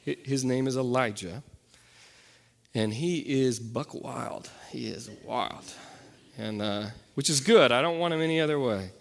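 A young man preaching a sermon as pastor, talking in a loose, conversational way with fillers and quick self-corrections. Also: mid-range voice, vocal fry. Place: church sanctuary. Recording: long reverb from a hall.

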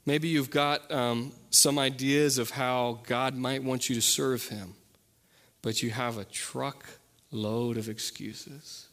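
A man preaching a sermon as pastor, earnest, often dropping to a soft, intense voice on key points. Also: mid-range voice, fairly even intonation, slow, big-room sound.

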